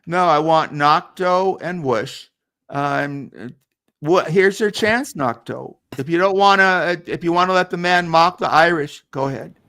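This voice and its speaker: Brash male host with a bright, slightly high voice who keeps cutting in to run a rowdy live panel. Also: unhurried, no echo, studio quality. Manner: interrupting, brash, swearing. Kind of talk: heated live panel moderation.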